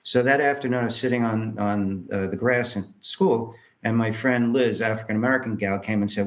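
A New York filmmaker tells his life story in an interview, animatedly acting out the voices of the people in it. His voice is lowish and fast with hardly any pauses, and the highs are cut off.

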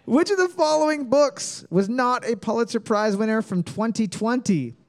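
A man's voice: extremely high pitch, normal speed. A man hosting a comedic trivia quiz, playfully reading each question twice with exaggerated emphasis. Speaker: quiz host.

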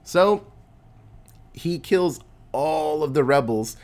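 A man hosting a casual chat, retelling a movie plot in animated, profane storytelling. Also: fairly high pitch, takes it slowly.

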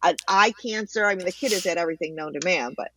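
A woman guest in a candid interview, telling her own story with animated, emotional storytelling. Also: on the low side, fast, slight background noise, poor audio. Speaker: interview guest, cancer advocate.

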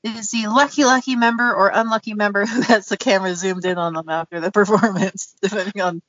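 A woman's voice: medium pitch, steady tone, a little fast, a bit bright, no echo. A chatty woman co-hosts a podcast, laughing often as she talks. Her speech is loose and full of fillers. The recording is dry and a little muffled. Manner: giggly, chatty, lots of fillers. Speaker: podcast co-host. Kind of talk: casual chat.

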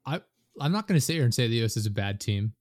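A man's voice: mid-range voice, animated, fast talker, a little mellow, dry recording. Man, casual talker, rambling, swears when riled; dry close recording. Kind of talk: casual podcast chat about soccer.

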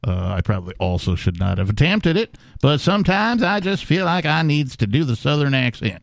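A man's voice: a little high, sing-song, brisk, creaky, no echo. A man hosting a talk radio show, bantering in a jokey, laid-back way. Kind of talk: casual talk radio chat. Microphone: studio microphone.

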